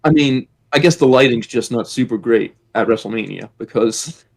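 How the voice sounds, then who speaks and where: A man's voice: mid-range voice, normal speed, creaky. A young man co-hosting a podcast, joking casually about a movie, mocking himself and trailing off mid-thought. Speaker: podcast co-host.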